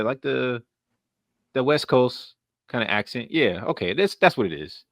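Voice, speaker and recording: A man's voice: medium pitch, very animated, a little slow, creaky, no room sound, studio quality. A man hosting a casual reaction stream, joking and sounding incredulous as he laughs often.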